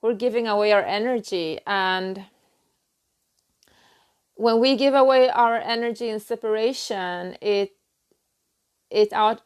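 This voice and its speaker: A woman giving a halting, earnest spiritual talk on her own channel, full of restarts and "you know.". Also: mid-range voice, clean tone. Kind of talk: personal spiritual talk to camera.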